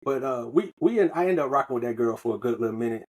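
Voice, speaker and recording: A man's voice: medium pitch, lively intonation, fast talker, darkish tone, slightly rough. A man from the US, telling a loose, profane story on a podcast in casual slang. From Southern United States. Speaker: podcast co-host.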